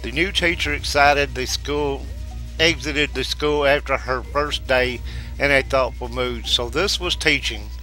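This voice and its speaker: A man narrating a ghost story as the show's host, telling it in a measured, steady way. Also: mid-range voice, faint music behind, poor audio.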